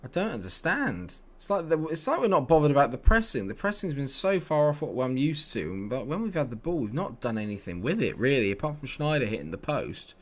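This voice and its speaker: A man giving live, animated commentary while playing a football management game, dropping to low mutters and rising to excited shouts. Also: brisk, few pauses. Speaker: video game player.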